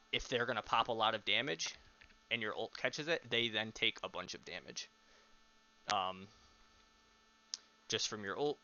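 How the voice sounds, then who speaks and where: A man's voice: mid-range voice, bright, forceful tone, smooth, dull audio. A young man casually coaching teammates over a voice call, explaining step by step with lots of um fillers.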